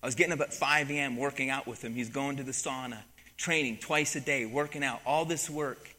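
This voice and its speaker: A man preaching a sermon, telling a story from his coaching days with animated emphasis and acted-out quotes. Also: mid-range voice, a little fast. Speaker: pastor and former wrestling coach. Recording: long hall reverb.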